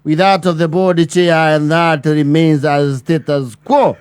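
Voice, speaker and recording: A man delivering a mock formal address as a pompous chairman, with bureaucratic phrasing and drawn-out pauses. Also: fairly high pitch, steady tone, darkish tone, clear, resonant tone, no room sound.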